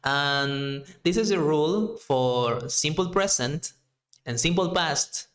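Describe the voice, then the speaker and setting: A man with a Mexican Spanish accent gives a Spanish lesson in English. He talks slowly and deliberately, stretching out each example word, in a voice a little higher than most men's. His delivery is patient and methodical. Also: fairly bright tone. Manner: slow and deliberate, drawing out example words. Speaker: Spanish teacher. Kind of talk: language lesson.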